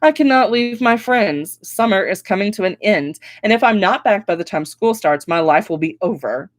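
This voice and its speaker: A woman reading her own novel aloud with expressive first-person storytelling. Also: medium pitch, moderate pace, no room sound. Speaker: author reading her book.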